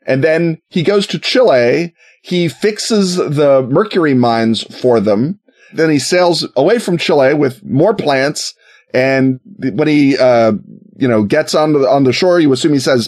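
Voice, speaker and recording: A man's voice: a little high, animated, measured pace, darkish tone. Man, sarcastic, jokey history storyteller, casual podcast chat. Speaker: podcast co-host.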